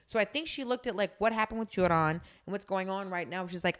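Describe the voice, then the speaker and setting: A woman co-hosting a podcast, recapping a drama in casual chat, blunt and animated, swearing freely. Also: mid-range voice, fairly quick, few pauses, clean tone. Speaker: podcast co-host.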